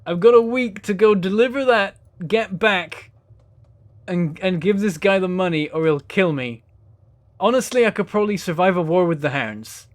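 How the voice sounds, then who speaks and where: A man's voice: high-pitched, normal speed, no room sound. A man hosting a let's play, giving rambling, self-mocking gameplay commentary and chuckling often.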